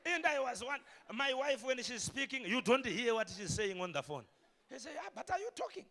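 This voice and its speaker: A pastor tells stories from the pulpit at a moderate pace, his voice ranging widely and breaking into shouts. The tone is high and bright, forceful, with sudden loud bursts that give the animated storytelling its peaks.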